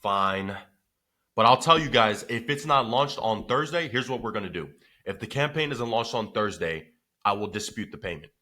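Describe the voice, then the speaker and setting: A man's voice: fairly low pitch, expressive, moderate pace, pushed and bright. A man putting on the voice of an impatient, entitled male client who sighs and gives curt ultimatums. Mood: huffy.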